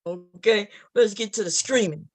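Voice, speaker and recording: A woman streaming late at night, telling a profane comic story and acting out scenes, often loud and animated, into a computer mic. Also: mid-range voice, normal speed, loud music behind the voice. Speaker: comedy streamer.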